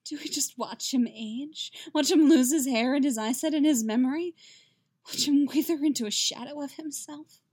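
A woman voicing a proud, sharp-tongued sorceress who talks softly, her voice thin and tight with grief. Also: mid-range voice, unhurried, breathy edge, dry recording, clean studio sound. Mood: anguished. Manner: soft and thin, tight with pain.

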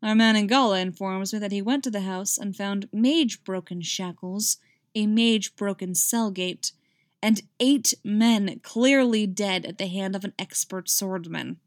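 A woman's voice: medium pitch, a little slow, no echo, studio quality, natural voice. Woman reading as a stern scolding king. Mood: cool, probing. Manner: clipped and scolding. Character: exasperated male king, stern and weary.

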